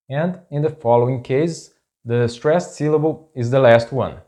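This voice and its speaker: Brazilian guy teaching a lesson, talks real slow, says each word twice so you can copy it. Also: mid-range voice, warm tone. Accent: Brazilian Portuguese. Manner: slow, careful, repeats example words for practice. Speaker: language teacher. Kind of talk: video language lesson.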